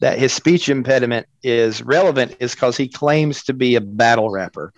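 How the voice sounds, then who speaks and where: A man's voice: mid-range voice, moderate pace, no room sound. Opinionated man on a dull mic. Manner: opinionated, forceful, emphatic. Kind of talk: casual podcast discussion.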